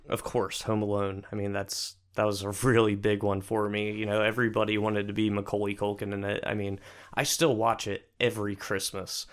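A man in his thirties on a podcast, easygoing, casually reminiscing about childhood movies. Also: fairly low pitch. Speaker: podcast co-host. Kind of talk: casual chat.

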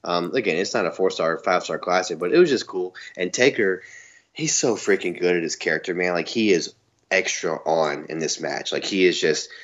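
A podcast co-host from the US South chats casually while recapping wrestling, laid-back and laughing often, with plenty of "man" and "you know." His voice is deep and fairly bright at a normal speed, though the recording is muffled.

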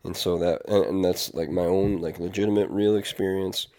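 Gravelly low-voiced man rambling earnestly. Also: steady tone, normal speed, mellow. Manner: rambling, many fillers and restarts; earnest, reflective. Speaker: vlogger. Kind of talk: casual confessional monologue.

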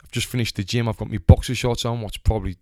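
Quick and dark in tone, this young man's fairly low voice keeps a fairly even intonation. He's a retired boxer from England with a Sunderland accent, telling a relaxed, swear-filled story and acting out the people involved. There's no room sound in the studio-quality recording.

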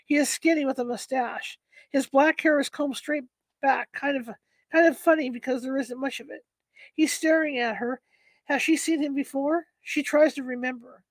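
Female narrator, high-pitched, dry close-miked read-aloud storytelling. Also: steady tone, normal speed, dry recording, rough recording.

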